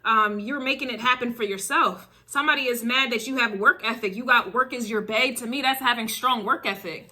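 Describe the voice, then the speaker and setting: A woman's voice: on the high side, a little fast, few pauses, pushed and bright. A woman doing a casual spiritual reading to camera, emphatic and driving her points with repeated phrases. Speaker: tarot reader.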